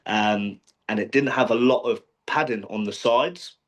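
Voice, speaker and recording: A professional boxer being interviewed, talking casually with many restarts and fillers. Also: male voice, fairly low pitch, unhurried, a bit bright. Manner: rambling, frequent restarts and fillers.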